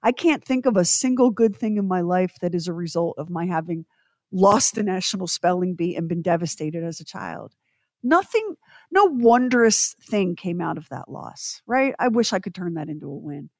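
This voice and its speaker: A woman's voice: on the low side, lively intonation, moderate pace, no echo, studio quality. A middle-aged woman, a podcast co-host and former TV writer producer, talking earnestly and emphatically in casual chat. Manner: earnest and emphatic, talks through her feelings.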